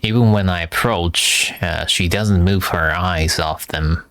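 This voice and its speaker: A man reading aloud for practice, halting and hesitant, repeating words as he sounds them out. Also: deep voice, a bit bright, dry recording, studio quality. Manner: frequent filler hesitations. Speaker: language learner reading aloud. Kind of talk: reading practice with pronunciation drills.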